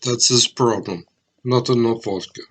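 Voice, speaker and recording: A man's voice: medium pitch, a little slow, slightly rough. A man giving casual, jokey reaction commentary. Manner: chatty, animated, jokey outbursts. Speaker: reaction video host.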